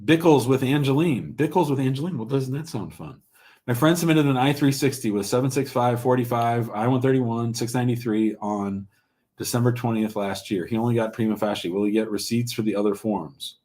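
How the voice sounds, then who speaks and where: A man's voice: medium pitch, brisk, a little mellow. A man hosting a live call-in show, giving blunt, plain-spoken immigration advice to callers and viewers.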